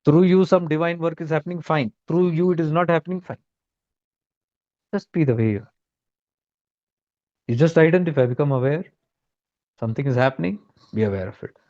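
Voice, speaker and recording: A man with an Indian accent gives a spiritual talk as a teacher, emphatic and repeating his key points while mixing Hindi words into his English. His voice is on the high side and a little fast, broken by long pauses, and the audio sounds dull.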